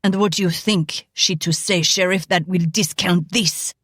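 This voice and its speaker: A woman's voice: fairly low pitch, fairly even intonation, unhurried, a bit bright, husky, no room sound, clean studio sound. Woman doing a ranting irate Frenchman. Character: irate smaller Frenchman, ranting land claimant.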